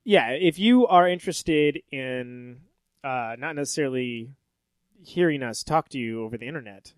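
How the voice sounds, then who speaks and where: A man's voice: mid-range voice, animated, normal speed, clean tone, no room sound. A man co-hosting a podcast, chatting loosely and explaining upcoming shows. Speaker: podcast co-host, band member. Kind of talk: casual banter.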